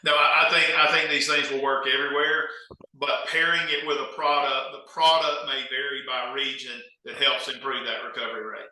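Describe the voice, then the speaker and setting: Bright Southern man in an echoey room. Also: medium pitch, flat delivery, normal speed. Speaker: agronomy consultant guest. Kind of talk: casual interview.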